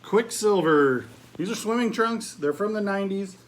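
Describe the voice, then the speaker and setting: A middle-aged man with a voice pitched a little high talks through items he has sold. His delivery is chatty and easygoing, with frequent ums and restarts, in the loose style of a casual vlog. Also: animated, moderate pace. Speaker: eBay reseller and channel host. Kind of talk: casual thrift haul vlog chat.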